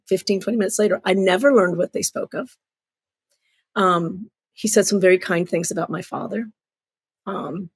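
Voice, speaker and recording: A middle-aged woman from Cuba, an author telling stories in an interview, animated and acting out voices. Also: lowish voice, husky, no echo. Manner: animated storyteller, acts out voices. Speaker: children's author and storyteller. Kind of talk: storytelling interview.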